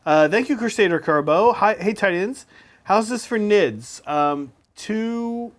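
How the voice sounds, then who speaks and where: A man's voice: sits high, expressive, measured pace. A man hosting a casual tabletop gaming chat, reading out and thanking viewer comments. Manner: reads viewer comments aloud, thanks them. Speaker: podcast host reading chat.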